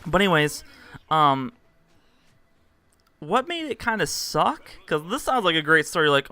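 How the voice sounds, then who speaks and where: A young man vlogging a rambling story, tossing in fillers and little acted-out quotes. His voice is bright and crisp, a touch higher than most men's, and the recording sounds close and dry. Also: big pitch swings, unhurried, pauses often, dry recording. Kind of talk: casual storytelling to camera.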